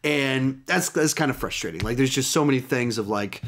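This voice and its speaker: A man's voice: medium pitch, normal speed, fairly bright tone. A man giving a casual, chatty film review, talking loosely with frequent restarts and asides. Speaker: movie reviewer.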